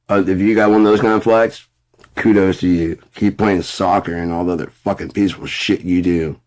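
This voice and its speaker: Fifty-something man, low and gruff, rambling foul-mouthed vlog rant. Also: little pitch movement, brisk. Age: 50s. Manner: heavy swearing, rambling, mutters low then flares up loud. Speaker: vlogger. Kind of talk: casual profane rant.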